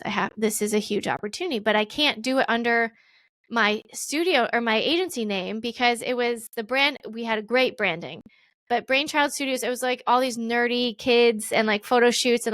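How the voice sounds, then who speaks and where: A woman in her thirties telling her own business story as a podcast guest, acting out past conversations in a lively voice. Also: dry recording. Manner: animated, acts out her own past dialogue with big pitch jumps. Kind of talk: casual storytelling interview.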